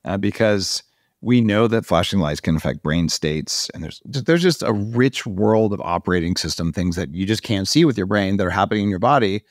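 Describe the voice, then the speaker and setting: A man's voice: fairly low pitch, normal speed, no room sound, studio quality. A middle-aged man hosting a podcast interview, talking in a casual, emphatic way. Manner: animated, emphatic when making a point. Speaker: podcast host. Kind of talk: conversational interview.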